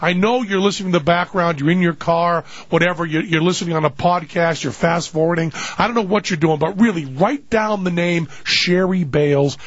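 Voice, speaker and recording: A man's voice: high-pitched, a little fast, few pauses, no echo, muffled recording. A man hosting a podcast, telling comic stories in a wry, exasperated way and slipping into put-on voices. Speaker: podcast host.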